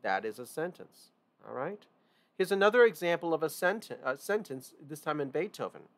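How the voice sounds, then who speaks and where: A man's sing-song voice, on the high side and at normal speed, carries a casual online music theory lesson. His teaching is informal, with key points repeated and emphasized. He often starts his sentences over.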